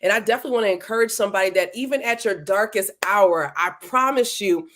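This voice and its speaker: Speaking fast in a mid-range, fairly bright voice, this woman hosts a live interview stream over a livestream setup. She's casual and playful, calling out viewers by name.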